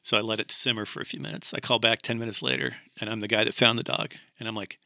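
A man hosting a casual talk show, telling a story in an animated way and acting out the phone voices. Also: fairly low pitch, quick pace, gravelly, no room sound, studio quality.

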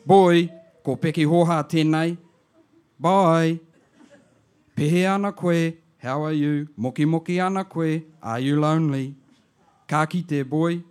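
A man doing a loud, laughing old auntie. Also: on the high side, fairly even intonation, slow, pauses often, smooth, pitched above the performer's own voice. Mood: chatty. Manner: loud, laughing, mixes in Māori words. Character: boisterous elderly aunt, loud and teasing. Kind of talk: comic voice in a spoken-word poem.

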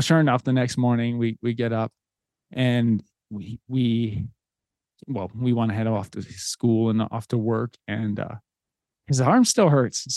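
A man's voice: mid-range voice, a little mellow, no echo. A man in his thirties, a podcast host, telling a personal story in an earnest, heartfelt way, with frequent restarts.

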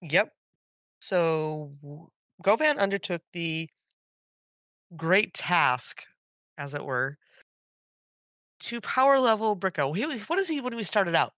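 A woman in her thirties co-hosts a gaming podcast, her voice hoarse from illness yet bright and forward. She talks in an animated, laughing, tangent-hopping way. The sound is dry and close. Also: lowish voice, slow, long pauses, dry recording. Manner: animated, laughs often, jumps between topics. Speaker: podcast co-host. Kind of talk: casual chat.

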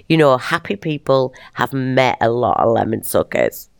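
A middle-aged woman hosting a podcast, talking in an animated, playful way and laughing often. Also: very deep voice, moderate pace, gravelly, few pauses, no echo, studio quality. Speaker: podcast host and teacher. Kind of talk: casual motivational monologue.

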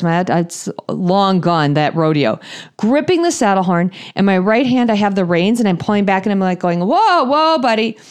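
A woman in her thirties or forties telling a humorous personal story in an animated, self-deprecating way, acting out her own thoughts. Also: mid-range voice.

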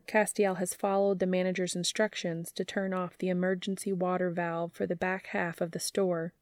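A woman podcast host reading fan fiction aloud in an even, measured storytelling narration. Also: fairly low pitch, no room sound, studio quality.

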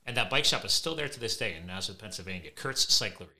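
A man hosting a podcast, telling animated, chatty anecdotes. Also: fairly low pitch, rapid-fire, vocal fry. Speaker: podcast host. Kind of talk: casual conversation.

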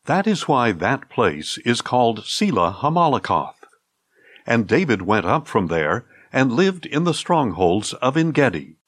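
A man giving a measured, solemn scripted reading of scripture. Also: medium pitch, no room sound, clean studio sound. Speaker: Bible reader.

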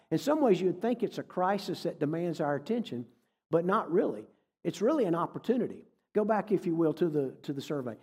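A man's voice: sits high, a little mellow, slightly rough. Folksy man preaching in a reverberant hall. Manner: folksy, conversational, jokes with the audience. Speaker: guest speaker. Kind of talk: sermon with storytelling. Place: church hall.

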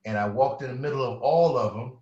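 A man, a therapist, telling stories with energy and slang in a conversation, often jumping into high-pitched quoted voices. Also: brisk, background noise. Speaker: therapist, interview guest. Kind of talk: animated storytelling in conversation. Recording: roomy, distant, dull-sounding mic.

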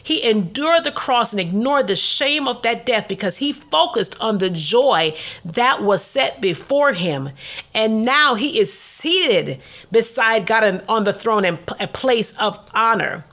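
A woman's voice: fairly high pitch, animated, a little slow, fairly bright tone. A woman hosting a devotional broadcast, preaching and praying fervently, with emphatic repeated calls. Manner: fervent, exhorting, with emphatic repetition. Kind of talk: devotional sermon with prayer.

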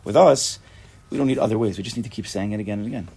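A man's voice: on the low side, rapid-fire, warm tone, husky. A man giving a casual, chatty Torah class, joking and mixing Hebrew and Yiddish terms into his talk.

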